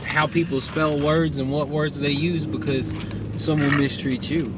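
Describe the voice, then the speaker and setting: A man, a guest on a casual podcast, speaks earnestly in a fairly high voice. Steady background noise sits clearly under his words. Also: unhurried.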